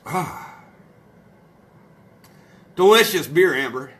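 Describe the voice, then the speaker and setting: Rowdy, profane man, high and lively. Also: very slow. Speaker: live-stream host. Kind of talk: casual late-night live-stream chat.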